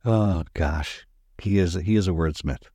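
A man's voice: sits low, unhurried, mellow, breathy edge, no room sound, clean studio sound. A man in casual podcast chat, joking and laughing often.

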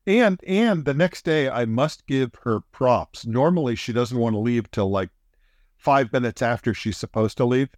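Animated middle-aged man telling a story. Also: normal speed, no room sound, clean studio sound. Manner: animated, chuckling, pitch jumps up for emphasis. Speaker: podcast co-host. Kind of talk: casual storytelling chat.

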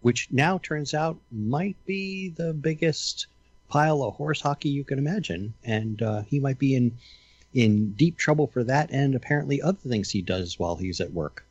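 An older man hosting a casual chat, dry and sarcastic, chuckling often, with a husky voice. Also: medium pitch, normal speed, no room sound, dull audio.

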